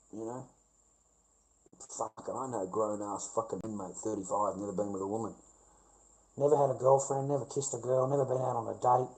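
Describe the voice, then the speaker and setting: A man's voice: medium pitch, darkish tone, rough recording. An Australian man in a rambling casual livestream chat with viewers, blunt and profane, ranting and laughing things off, speaking into a webcam in front of his screen.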